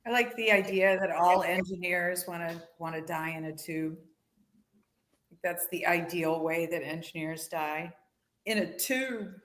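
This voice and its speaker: A woman's voice: fairly low pitch, unhurried, a bit bright. A woman co-hosting a podcast in casual chat, with wry, jokey remarks. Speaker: podcast co-host.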